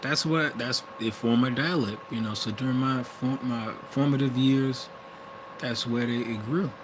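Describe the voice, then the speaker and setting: This vlogger, a young man from the Midwest with a Wisconsin accent, speaks unhurriedly at medium pitch. His casual monologue wanders and stalls, packed with restarts and self-corrections, and vehicle noise can be heard behind him.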